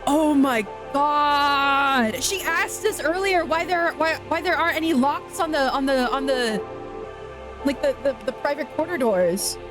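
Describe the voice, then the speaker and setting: A woman's voice: high voice, normal speed, music in the background. A woman giving blunt gameplay commentary, swearing freely as she reacts. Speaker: gaming video creator.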